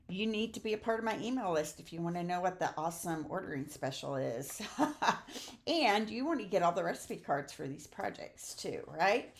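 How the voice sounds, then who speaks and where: A woman's voice: medium pitch, fairly bright tone. A woman chatting through a live card-making demonstration, often checking in with "okay?" and filler "um"s. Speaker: stamping demonstrator. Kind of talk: live crafting demo.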